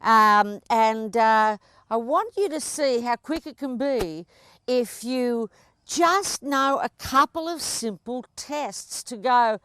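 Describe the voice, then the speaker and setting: A woman's voice: fairly high pitch, lively intonation, takes it slowly, fairly bright tone, clean tone, no echo, clean studio sound. A woman riding instructor coaching a rider through a lesson at a horse arena, chatty and encouraging, with frequent laughs.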